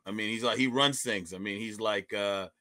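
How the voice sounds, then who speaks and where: Speaking in a fairly low voice at a moderate pace, this young comedian is a guest in a relaxed interview chat. He sounds animated and easygoing, and he keeps restarting his sentences, repeating opening words.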